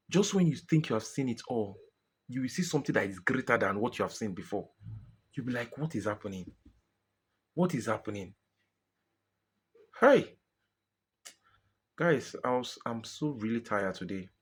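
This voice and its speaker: A man's voice: fairly low pitch, breathy edge. A Nigerian man venting in a frustrated personal monologue to his viewers, exasperated and pleading, often repeating himself. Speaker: vlogger.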